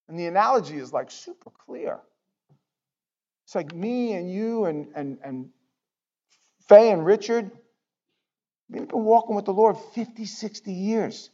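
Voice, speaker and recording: Male pastor, fairly high voice, preaching in a chatty way with sudden loud bursts and hushed asides, dull lo-fi sound. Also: animated, moderate pace, long pauses. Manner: conversational, swings from loud outbursts to near-whispers. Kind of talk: sermon.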